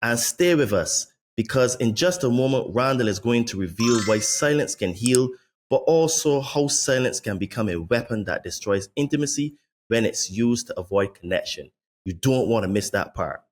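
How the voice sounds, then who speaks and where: A man hosting a podcast, rambling and restarting as he asks questions, slowing on key words, and reading show plugs. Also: medium pitch, lively intonation. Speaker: podcast host. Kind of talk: conversational interview, reads show plugs.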